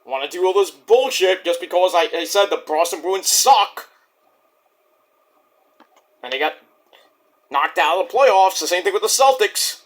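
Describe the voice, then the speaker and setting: A man's voice: sits high, lively intonation, unhurried, long pauses. A man, ranting bluntly and profanely in a rambling casual monologue as a vlog host.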